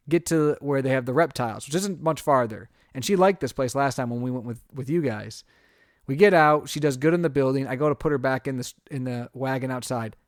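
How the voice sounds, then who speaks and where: Animated man telling a story, dry close sound. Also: mid-range voice, no room sound. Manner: animated storyteller, acts out his own reactions. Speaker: podcast co-host. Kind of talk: casual storytelling chat.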